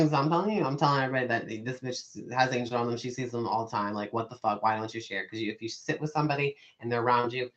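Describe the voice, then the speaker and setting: A man hosting a casual chat as a psychic medium, telling rambling, animated stories full of fillers and swearing. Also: medium pitch, fast talker, highs cut off.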